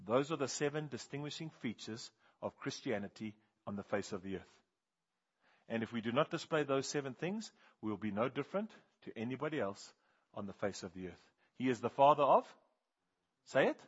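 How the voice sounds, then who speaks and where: A man preaching a sermon, firing questions at the congregation and swinging between hushed and loud passages. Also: mid-range voice, expressive, brisk, husky, dull audio.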